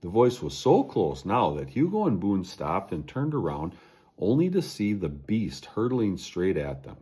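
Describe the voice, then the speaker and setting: Deep, husky storybook narrator man. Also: a little slow. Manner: expressive reading aloud.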